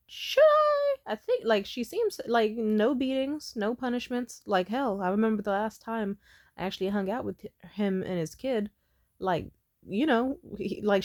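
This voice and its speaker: A woman in her twenties telling a story in a blunt, profane, animated way, as a vlogger. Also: medium pitch, no echo, studio quality. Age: 20s. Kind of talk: casual storytime monologue.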